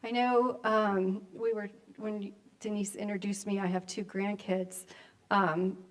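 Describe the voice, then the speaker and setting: An older woman, a grandmother and minister, giving a conversational sermon in a church, with reflective pauses and friendly asides. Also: mid-range voice, level tone. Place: church sanctuary.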